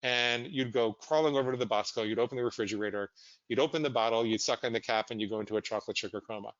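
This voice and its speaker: A man, a psychologist guest on an interview, telling his story in a candid, animated and self-deprecating way. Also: medium pitch, rapid-fire, no echo, dull audio.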